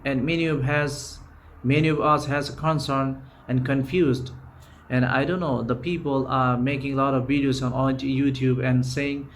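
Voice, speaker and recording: Over slight background noise, a male English teacher delivers an informal spoken-English lesson at a moderate pace, his mid-range voice holding a steady tone. He's a native Bengali speaker with a Bangladeshi accent, earnest and repetitive, frequently starting sentences over.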